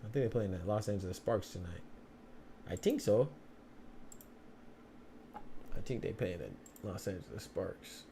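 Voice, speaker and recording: A man's voice: sits low, measured pace, pauses often, dark tone, slight background noise. A young man hosting a solo boxing podcast, talking casually in streetwise slang and often repeating himself.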